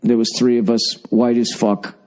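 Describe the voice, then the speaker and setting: Tired, rambling man with a mellow voice. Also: medium pitch, moderate pace. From United States. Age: 40s. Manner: rambling, profane storytelling with lively acted-out quotes. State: lethargic, tired. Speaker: podcast host. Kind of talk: solo comedic monologue.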